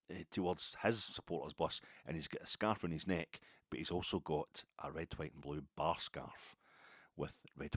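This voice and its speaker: A middle-aged Scottish man with a low-pitched voice tells a rambling, self-mocking story on his podcast as casual storytelling. The recording is studio quality with no echo.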